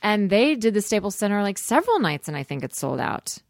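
A woman's voice: medium pitch, big pitch swings, a little fast, gravelly, no room sound, clean studio sound. A woman guest in casual podcast chat, laughing easily and self-mocking.

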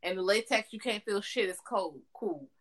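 A young woman co-hosting a podcast, talking casually with animated, profane, emphatic storytelling. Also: medium pitch, normal speed, poor audio. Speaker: podcast co-host. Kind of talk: casual chat.

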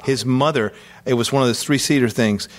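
A man chatting as a guest in a recording studio, close on a studio mic. He tells stories with animated energy and frequent laughter. His voice sits at an ordinary middle pitch. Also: brisk. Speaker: guest musician. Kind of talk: casual chat, storytelling. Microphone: studio microphone.

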